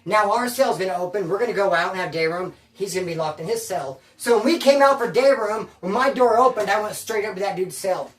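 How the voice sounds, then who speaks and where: A man's voice: high-pitched, brisk, hardly any pauses, recorded from a distance. Slangy man telling prison stories. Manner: street slang, emphatic, addresses listener as bro. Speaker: former prisoner telling his story. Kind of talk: casual first-person storytelling. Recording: roomy sound, away from the mic.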